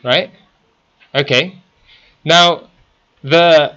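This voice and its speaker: A man's voice: fairly high pitch, takes it slowly, long pauses, pushed and bright, lo-fi sound. A man teaching a class, constantly quizzing his students with questions. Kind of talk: interactive classroom lesson.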